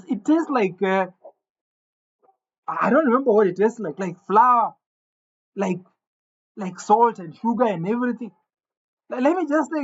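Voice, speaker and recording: Husky, high-voiced storyteller. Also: male voice. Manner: animated, indignant, stumbling restarts. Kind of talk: comic storytelling. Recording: dull lo-fi recording.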